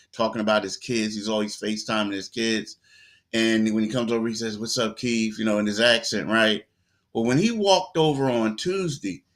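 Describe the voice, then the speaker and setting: On a sports talk show, a male co-host spins loose, animated stories sprinkled with quoted asides. His voice is medium in pitch.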